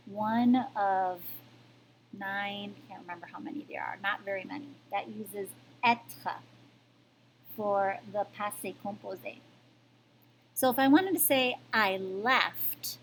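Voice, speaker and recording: A woman's voice: mid-range voice, slight background noise, rough recording. A woman teaching a French grammar lesson, explaining patiently step by step and often checking in with "okay?". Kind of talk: recorded classroom lesson.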